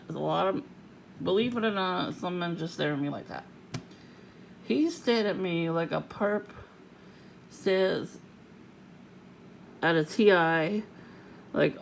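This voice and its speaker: A woman ranting angrily to camera, swearing constantly and jumping to shouts and mocking sing-song. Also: on the low side, a little slow, gravelly, pauses often, a little hiss or hum, poor audio. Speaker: vlogger. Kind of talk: angry profane rant to camera.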